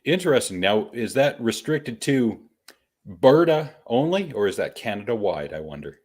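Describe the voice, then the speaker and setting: A man's voice: mid-range voice, sing-song, moderate pace, darkish tone, slightly rough. A man hosting a casual podcast, bantering and chuckling often. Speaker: podcast host. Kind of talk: casual chat.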